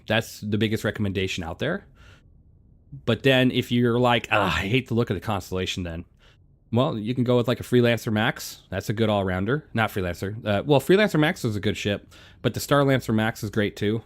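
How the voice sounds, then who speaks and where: Laid-back low-voiced male game streamer. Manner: relaxed, chatty, answers chat between flying. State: chewing a throat lozenge. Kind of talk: casual live-stream chat.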